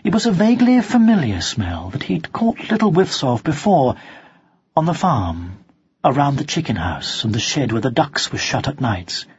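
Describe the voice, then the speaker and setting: A narrator reading a children's storybook aloud in a slow, expressive way, on a dull lo-fi recording. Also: medium pitch, slight background noise. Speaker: audiobook narrator.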